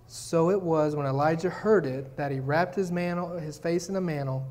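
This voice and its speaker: A man's voice: sits high, a little mellow. A male pastor giving a sermon. He reads scripture and acts out pleas, then builds to fervent emphasis.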